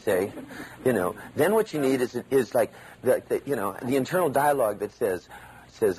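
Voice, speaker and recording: A man giving an animated live seminar lecture, acting out the inner voices he describes. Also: mid-range voice, moderate pace, slightly rough, poor audio.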